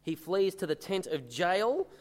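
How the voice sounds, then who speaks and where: High-voiced man preaching in a hall. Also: sing-song, a little slow, darkish tone. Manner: earnest, emphatic preaching with verse readings. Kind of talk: sermon.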